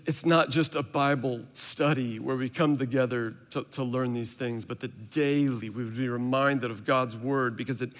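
A pastor in his thirties preaches a sermon in a mid-range voice that carries a big-room sound. He tells a candid story about his own family, acting out what each person said.

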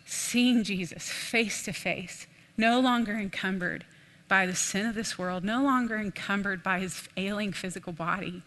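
A young adult woman preaching an animated, folksy sermon in a church, addressing the room as "y'all". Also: medium pitch. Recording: long hall reverb.

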